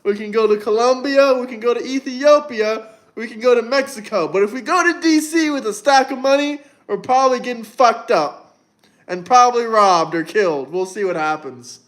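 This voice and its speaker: A young man with a very high, slightly bright voice speaks at a normal pace. He's hosting a casual livestream, reading out viewer comments and answering them bluntly, swearing a lot and rambling.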